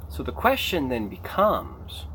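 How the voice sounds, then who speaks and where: A man preaching an unscripted sermon, emphatic and animated, rising to near shouts on key points. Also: medium pitch, a little slow, slight background noise. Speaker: pastor.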